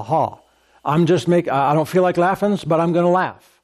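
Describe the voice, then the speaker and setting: A male pastor preaches with emphatic, repetitive phrasing. He breaks into deliberate laughs as he makes a point. His voice sits a bit higher than most men's. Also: a little mellow. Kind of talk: sermon.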